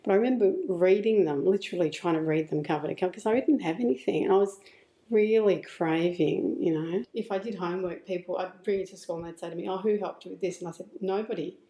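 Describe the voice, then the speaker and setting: A middle-aged woman shares memories in an interview, her voice low and mellow. She talks reflectively, doubling back and adding asides. The room around her is echoey. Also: quick pace. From Australia. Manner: reflective, with frequent restarts and asides. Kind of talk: personal storytelling.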